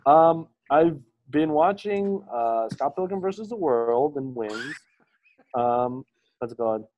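A man in his thirties co-hosting a podcast in casual chat, animated, swearing a lot and full of fillers. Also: a little high, takes it slowly, dull audio, a little hiss or hum. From Maryland, USA. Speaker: podcast co-host.

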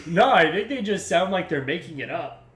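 A man's voice: sits high, lively intonation, moderate pace, a bit bright. A man from Maryland co-hosting a film podcast, joking around and riffing on absurd bits in casual chat. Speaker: podcast co-host. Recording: roomy echo.

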